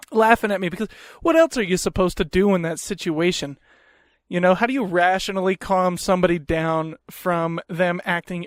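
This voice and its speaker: A young man with a fairly high voice tells stories on his podcast, swearing freely and poking fun at himself. He sits right up on the mic in a small room at home, and the sound is dry and close, with no room echo. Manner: profane, animated storytelling; self-mocking. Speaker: podcast host. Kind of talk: casual podcast chat.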